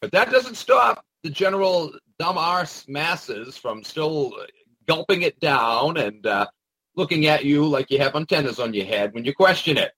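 Male commentator, mocking and rambling, raspy edge, animated pitch. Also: unhurried, dry recording, poor audio. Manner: sarcastic, mocking asides; rambling with frequent hesitations. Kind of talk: casual monologue commentary.

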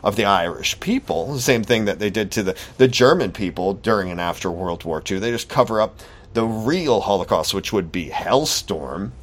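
A man hosting a solo podcast, talking in a sarcastic, mocking commentary style. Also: on the low side. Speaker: podcast host.

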